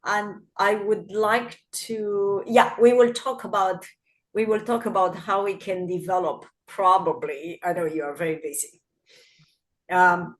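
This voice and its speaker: A woman hosting an online academic session over a video call, halting and grateful, with many fillers and restarts. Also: mid-range voice, fairly even intonation. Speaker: host and event organizer.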